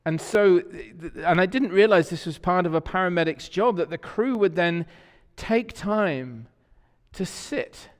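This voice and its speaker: English pastor preaching in a reverberant church. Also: male voice, high voice, animated, measured pace. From England. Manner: conversational storytelling, asks the congregation questions. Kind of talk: sermon. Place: church sanctuary.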